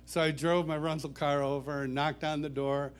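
A middle-aged man, a worship songwriter, telling personal stories to a church audience in a warm, chuckling, self-deprecating way. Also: a little high, level tone, normal speed, noisy background. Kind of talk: anecdotal storytelling talk.

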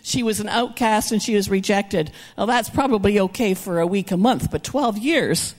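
An older woman preaching a sermon, telling stories animatedly and acting out the people in them with shouts and whispers. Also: mid-range voice, moderate pace. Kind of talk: sermon storytelling. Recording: reverberant hall.

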